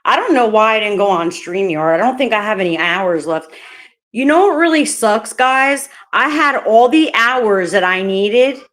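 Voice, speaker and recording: A woman's voice: mid-range voice, animated, normal speed, fairly bright tone. A woman from the northeastern United States hosting a casual live stream chat, laughing easily and saying "like" a lot.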